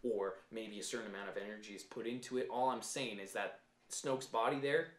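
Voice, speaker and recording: A man co-hosting a casual fan podcast, laying out his points step by step in an animated, argumentative way. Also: on the low side, brisk, roomy sound. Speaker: podcast co-host.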